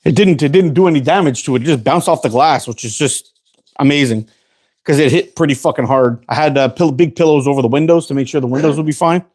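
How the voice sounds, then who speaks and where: A man's voice: on the high side, quick pace, darkish tone. A man hosting a casual show, telling rambling stories full of profanity, often laughing. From Canada. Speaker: host. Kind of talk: casual storytelling chat.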